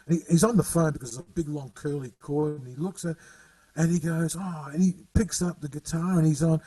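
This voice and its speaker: A man telling stories in casual chat as a guest musician, halting and rambling with frequent laughs, heard over a video call. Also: fairly high pitch, warm tone, husky, no echo, distant mic, poor audio.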